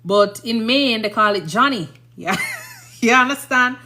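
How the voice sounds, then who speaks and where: A woman's voice: on the high side, expressive, measured pace, sharp tone. A woman from Jamaica with a Jamaican accent, a nurse chatting casually on a livestream, rambling and often checking "you understand?".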